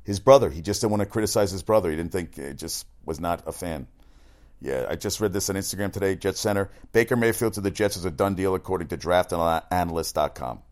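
A man's voice: sits low, brisk, darkish tone. A middle-aged man hosting a sports talk show, talking casually and bluntly, with frequent asides and swearing. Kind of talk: casual sports radio monologue.

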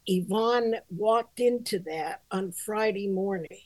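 A woman's voice: medium pitch, takes it slowly, no room sound. An older woman co-hosting a grooming podcast, chatting casually, self-deprecating and frank, laughing often and swearing freely. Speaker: podcast co-host, dog groomer and shop owner. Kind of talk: casual chat.

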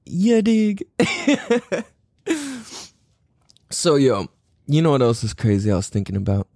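A man's voice: medium pitch, big pitch swings, slow, a little mellow, no echo, studio quality. A young man hosting a podcast alone, rambling casually with lots of laughs and slang. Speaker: podcast host. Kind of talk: solo casual podcast chat.

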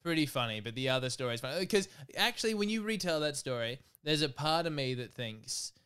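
Easygoing young man, smooth voice. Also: fairly high pitch, expressive, a little fast, bright, forceful tone. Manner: laughing, teasing, easygoing storyteller. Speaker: podcast co-host. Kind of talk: casual podcast chat.

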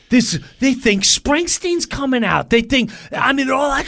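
A man telling a comic story in a lively way, acting out the people in it and swearing freely. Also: very high-pitched, moderate pace, creaky, few pauses. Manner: lively, acts out every character, swears freely. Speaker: comedian guest.

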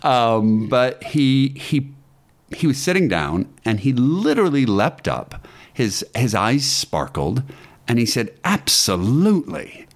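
A man's voice: medium pitch, big pitch swings, takes it slowly. A man, an actor and acting teacher, telling an anecdote in casual podcast talk, with ums and restarts.

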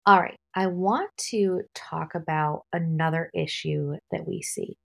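Woman, wedding planner, podcast host, low voice, gravelly fry, calm practical advice. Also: a little slow. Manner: calm, practical, advice-giving with light laughs. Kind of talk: solo podcast talk.

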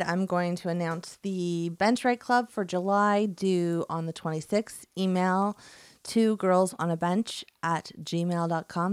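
A woman's voice: lowish voice, no room sound. A woman co-hosting a podcast, chatting casually and reading listener writing, laughing easily and poking fun at herself. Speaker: podcast co-host.

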